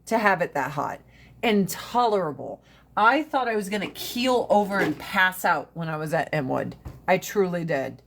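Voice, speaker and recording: A woman's voice: lowish voice, animated, moderate pace, vocal fry, fairly bright tone, a little hiss or hum. A woman hosting a casual livestream chat, blunt and profane, rambling from one rant to the next. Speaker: livestream host.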